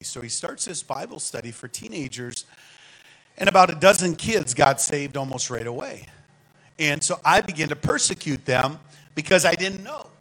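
A man with a fairly high voice preaches from a church pulpit, telling his story in an animated, conversational way. He drops to quiet asides and then bursts out loudly, laughing along with the congregation. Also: poor audio. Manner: animated, swings between hushed asides and loud exclamations. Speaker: guest preacher. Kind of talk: storytelling sermon. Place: church sanctuary.

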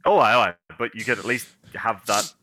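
Low, bright-voiced man. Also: fairly even intonation, normal speed, a little hiss or hum. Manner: laid-back, wry, brief replies and laughs. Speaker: podcast co-host. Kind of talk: casual wrestling chat.

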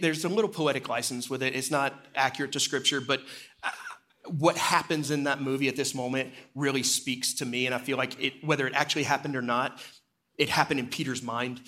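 Male pastor, mid-range voice, narrative sermon delivery, hushed at solemn moments. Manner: storytelling, drops low and quiet for solemn moments. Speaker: executive pastor.

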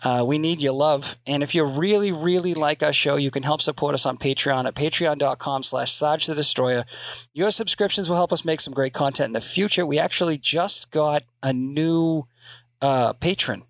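A man's voice: on the high side, normal speed, fairly bright tone, no echo. A man hosting a podcast, chatting casually in a joking, profane, rambling way. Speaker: podcast host.

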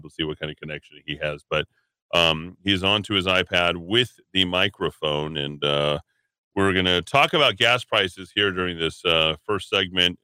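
A man's voice: low-pitched, sharp tone, clear, resonant tone, no echo. A man hosting a talk radio show from a station studio, rambling opinionated monologue full of hesitations and restarts.

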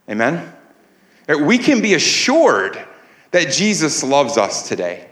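Earnest preacher in an echoey church. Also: male voice, fairly high pitch, very animated, a little slow, a bit bright. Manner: earnest, repeats words while building emphasis. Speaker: pastor. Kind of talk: sermon. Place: church sanctuary.

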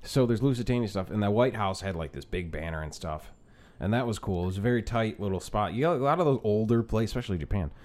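A man's voice: on the low side, expressive, fast, darkish tone. Profane laughing storyteller man. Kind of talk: casual storytelling chat. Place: bar room.

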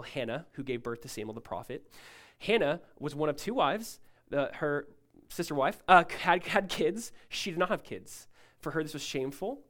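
Emphatic higher-voiced male pastor. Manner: emphatic preaching, swings between loud and hushed; asks the congregation to follow along. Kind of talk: sermon.

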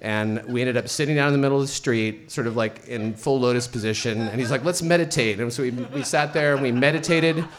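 A man's voice: mid-range voice, a little fast, few pauses. Profane rambling male storyteller. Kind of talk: personal story told to an audience.

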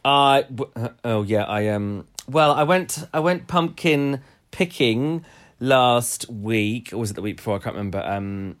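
A man's voice: mid-range voice, lively intonation, unhurried. Man, podcast co-host, casual chat, rambling, hesitant, giggly. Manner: rambling, hesitant, many fillers and restarts, giggly.

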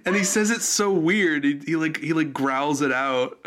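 A man's voice: fairly high pitch, moderate pace, a bit bright. A young man hosting a podcast, rambling casually about movies with lots of fillers and laughter. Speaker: podcast co-host.

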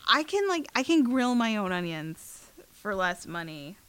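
A young woman co-hosting a podcast, telling stories in a wry, sarcastic, animated way. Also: mid-range voice, measured pace, clear, resonant tone. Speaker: podcast co-host. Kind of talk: casual chat.

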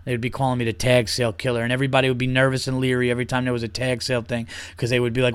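A man's voice: medium pitch, racing, pushed and bright, clean tone. A man hosting a podcast, ranting in a casual, comedic way, swearing often and mocking people with heat. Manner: profane, heated, mocking. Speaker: podcast host.

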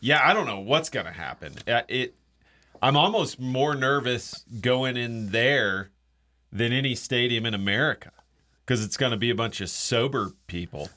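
A man's voice: mid-range voice, lively intonation, normal speed, pushed and bright. A man co-hosting a sports talk radio show, easygoing and chatty. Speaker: radio co-host.

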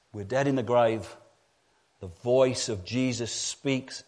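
A man preaching a sermon to a church congregation, dropping to hushed low passages and rising to loud emphatic peaks, often repeating key phrases. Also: a little slow. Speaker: pastor.

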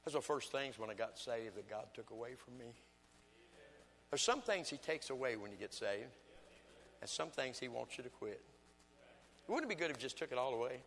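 In a church sanctuary with a long reverb tail and a bit of hiss or hum, an older evangelist with a medium-pitched, fairly bright voice gives a folksy sermon. He tells stories from home, adds asides, and voices his wife's lines himself.

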